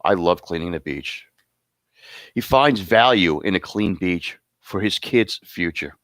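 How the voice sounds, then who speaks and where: A man's voice: low voice, animated, a little slow, a bit bright, dry recording. A man hosting an awards show, rambling and joking casually between announcements. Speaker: host presenting awards.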